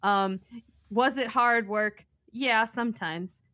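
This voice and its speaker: A podcast co-host in her twenties chats casually, poking fun at herself and laughing often. Her voice is a little high with a sharp tone, and she speaks at a slow pace.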